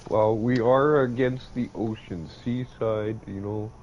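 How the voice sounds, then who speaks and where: A man's voice: lowish voice, steady tone, slow, a little mellow, muffled recording, a little hiss or hum. A man in a casual chat among racing friends, teasing and wry.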